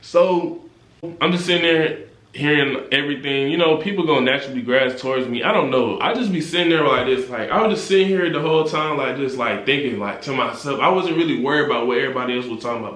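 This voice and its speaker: A young man in casual storytime, telling his story in animated street slang and rising high when indignant. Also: fast talker, echoey room. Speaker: vlogger.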